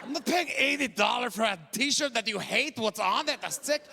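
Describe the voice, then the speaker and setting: High-pitched quebec french guy ranting through a stand-up set, noisy live stage recording. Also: lively intonation, normal speed, gravelly. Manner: ranting, exasperated, shouts punchlines. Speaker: stand-up comedian. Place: comedy festival stage.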